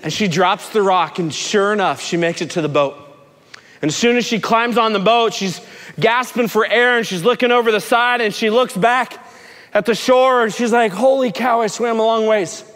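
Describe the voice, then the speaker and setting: Bright-voiced man preaching in a reverberant hall. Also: sits high, steady tone, moderate pace. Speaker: pastor at a recovery ministry. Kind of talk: storytelling sermon. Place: large room with a gathered group.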